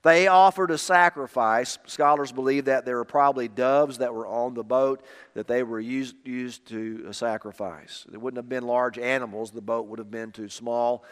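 A man preaching a sermon with emphatic, repeated phrases, dropping quiet on key lines. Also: mid-range voice, fairly even intonation, moderate pace, clear, resonant tone. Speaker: pastor. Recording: long reverb of a hall.

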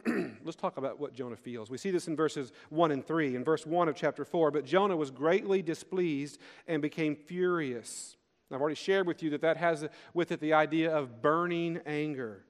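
A man delivers a sermon with earnest, rising emphasis, stretching out key phrases. His voice sits a little high for a man. The sound carries a long reverb, as in a large hall. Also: fairly quick. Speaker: pastor.

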